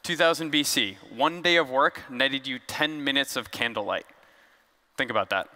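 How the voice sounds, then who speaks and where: In a large conference hall, a man with a bright, forceful, medium-pitched voice gives a casual, joking talk on stage. He's loose and conversational, using fillers, and the sound has a big-room quality.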